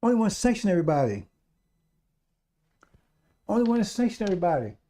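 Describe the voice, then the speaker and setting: A man delivers a live-streamed radio sermon, speaking to his listeners as brothers and sisters. His voice sits a touch high but stays dark and warm. He hammers each point over and over in an emphatic, insistent preaching manner. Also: sing-song, a little fast.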